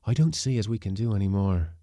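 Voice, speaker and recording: A quiet, husky ship's mate, voiced by a male reader answers in short, plain sailor's phrases. The voice is deep and dark in tone. It is recorded dry and close. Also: expressive, quick pace, no echo. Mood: subdued. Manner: terse seaman's dialect.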